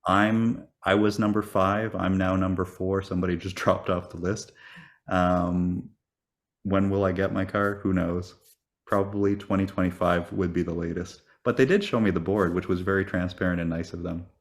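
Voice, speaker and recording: A man co-hosting a casual podcast over a call, telling stories in an animated, joking way and swearing freely. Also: deep voice, normal speed. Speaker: podcast co-host. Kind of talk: casual chat.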